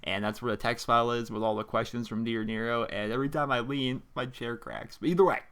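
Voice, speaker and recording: A man's voice: mid-range voice, steady tone, quick pace, a bit bright, clear, resonant tone. A young man from Pennsylvania in his twenties, hosting a gaming channel and answering viewer letters at his desk mic, rambling informally with lots of fillers and restarts. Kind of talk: casual to-camera chat. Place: home gaming room with a squeaky chair. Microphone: desk microphone in front of monitor.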